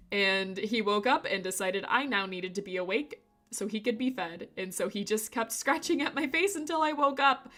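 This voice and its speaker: A woman's voice: medium pitch, pushed and bright. A woman streamer chatting casually with her live chat, playful and rambling, laughing often between remarks.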